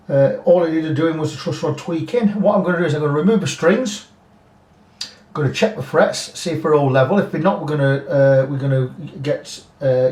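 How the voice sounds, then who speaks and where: His voice leans high with a darkish tone as this guitar repair tech casually demonstrates a setup, thinking out loud and offering blunt asides. Faint music drifts through the roomy workshop, recorded from afar.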